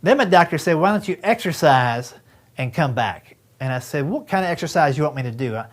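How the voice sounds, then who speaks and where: A man's voice: on the high side, lively intonation, brisk. A man in his fifties doing a stand-up comedy routine, telling folksy stories and acting out dialogue with his doctor and friends. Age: 50s.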